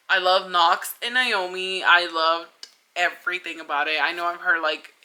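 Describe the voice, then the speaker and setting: Bright-voiced young woman gushing about books. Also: lowish voice. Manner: chatty and gushing, many fillers like "like". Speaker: book vlogger. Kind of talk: casual book review vlog.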